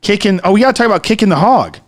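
A man's voice: sits high, very fast, no echo. A man co-hosting a podcast, swearing freely in loose, joking banter. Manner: profane, animated banter. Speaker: podcast co-host. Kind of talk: casual chat.

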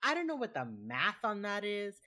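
A woman's voice: medium pitch, very animated, normal speed, pushed and bright. A woman co-hosting a casual chat about a TV episode, acting out the characters' lines and swearing freely. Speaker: podcast co-host.

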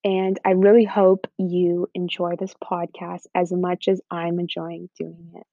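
A woman's voice: on the low side, little pitch movement, a little slow, vocal fry, few pauses, no room sound, phone-quality sound. A woman in her twenties hosting her podcast, talking casually and earnestly with many ums and you-knows. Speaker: podcast host.

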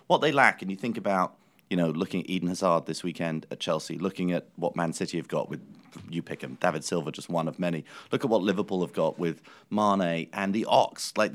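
Deep-voiced man repeating words for emphasis. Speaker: podcast co-host. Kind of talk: football analysis chat.

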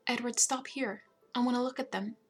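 A woman's voice: on the high side, steady tone, moderate pace, soft background music. A woman voicing a tender-hearted young heroine who gushes and squeals in a storybook reading. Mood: eager. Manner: squealing, gushing.

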